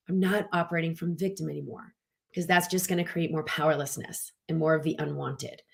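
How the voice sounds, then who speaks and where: A woman's voice: on the low side, fairly quick, gravelly. Chatty woman giving a motivational talk. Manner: chatty and animated, many fillers and acted-out quotes. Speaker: wellness teacher leading a live online event.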